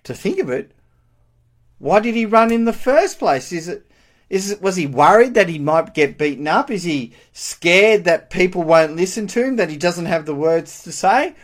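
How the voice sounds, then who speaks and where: A man preaching a sermon, animated and emphatic, asking rhetorical questions. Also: high-pitched, normal speed.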